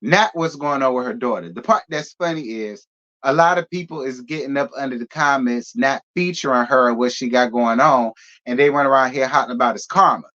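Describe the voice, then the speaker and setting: A sassy man dishing celebrity gossip straight to his viewers, his voice sitting at an everyday middle pitch. The sound is dull and lo-fi. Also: a bit bright. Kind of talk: casual gossip commentary.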